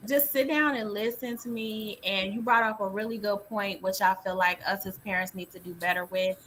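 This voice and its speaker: A woman speaking as a parent in a casual discussion, animated and expressive as she tells stories. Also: mid-range voice, moderate pace, slight background noise, low-quality recording. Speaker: parent panelist.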